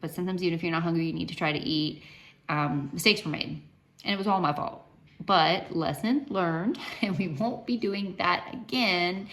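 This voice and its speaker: This West Virginia vlogger, speaking at a moderate pace with a fairly low pitch, casually chats to camera about her cancer treatment. Her storytelling is animated and chatty, with lots of fillers and restarts.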